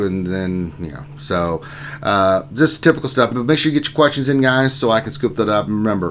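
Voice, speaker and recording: Man hosting a laid-back gaming livestream, reads chat handles aloud, faint noise behind. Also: on the low side. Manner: reads chat names aloud and greets viewers. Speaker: livestream host.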